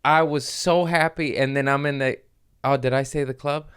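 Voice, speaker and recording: A man's voice: medium pitch, steady tone, moderate pace, fairly bright tone, smooth. A man hosting a podcast, telling rambling comedy stories in casual chat and laughing often. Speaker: podcast host.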